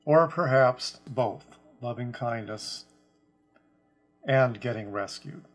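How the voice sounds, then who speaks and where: A man teaching a scripture lesson about a translation, speaking deliberately and stressing quoted words. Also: medium pitch, soft background music. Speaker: Bible teacher.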